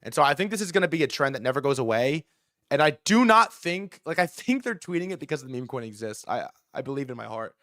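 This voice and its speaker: A man hosting a live market stream, ranting fast and heatedly with frequent swearing. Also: mid-range voice, dry recording, clean studio sound. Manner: fast, excitable delivery. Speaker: livestream host.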